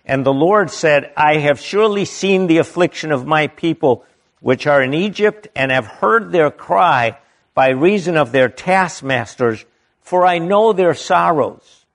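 A man preaching from the Bible, reading verses slowly and deliberately and stopping to add emphatic comments of his own. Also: fairly high pitch, lively intonation.

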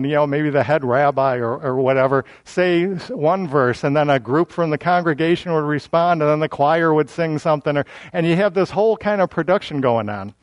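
A man's voice: a little high, dry recording. Man preaching in a dry, close recording. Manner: conversational, self-deprecating, frequent restarts. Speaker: Bible teacher. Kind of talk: casual verse-by-verse sermon.

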